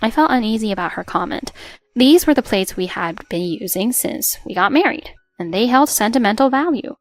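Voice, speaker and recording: A woman giving a calm, measured first-person narration of a scripted family drama story. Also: a little high, no echo, soft background music.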